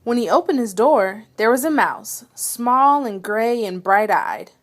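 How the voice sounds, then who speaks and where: A woman reading a children's picture book aloud with expressive, dramatic storytelling. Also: fairly high pitch, unhurried. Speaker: read-aloud reader.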